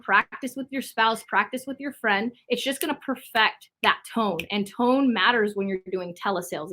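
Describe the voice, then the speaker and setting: A woman's voice: mid-range voice, a bit bright. A woman training salespeople, walking through a call script in a coaching tone with frequent okay check-ins.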